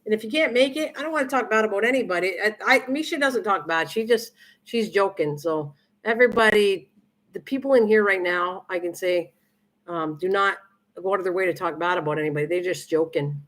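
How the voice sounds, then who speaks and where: Speaking briskly in a bright, mid-range voice, this older woman runs a casual home-kitchen cooking stream. She wanders from topic to topic in a friendly way, answering comments from viewers and reading them out.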